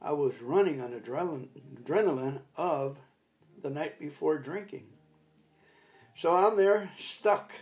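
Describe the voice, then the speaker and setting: An older man with a voice on the high side speaks at a measured pace, telling a rambling personal story in a casual, reflective recovery talk. When he retells events, he bursts into loud commands.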